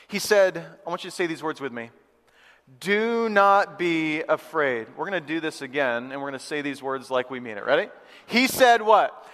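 High-voiced pastor preaching in a reverberant church. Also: male voice, fairly bright tone. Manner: earnest, conversational preaching with congregation call-and-response. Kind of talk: sermon. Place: church sanctuary.

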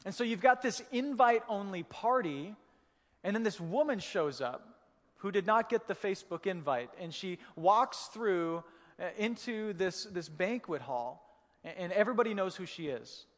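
A man's voice: high-pitched, lively intonation, moderate pace. Man preaching a conversational sermon in a reverberant hall. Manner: storytelling, conversational with humor and vivid retelling. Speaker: pastor.

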